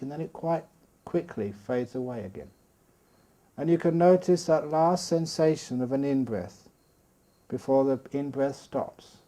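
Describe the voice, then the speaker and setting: A man giving a calm, patient meditation talk at a retreat, speaking slowly with soft pauses. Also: mid-range voice. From Australia. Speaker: meditation teacher. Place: retreat hall.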